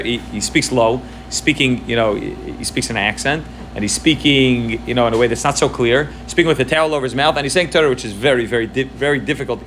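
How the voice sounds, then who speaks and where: Man, Torah class lecture, rapid delivery, Hebrew and Yiddish terms mixed into English, explains line by line. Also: medium pitch, a little hiss or hum. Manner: explains text line by line, checks in with "right?". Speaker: Torah teacher.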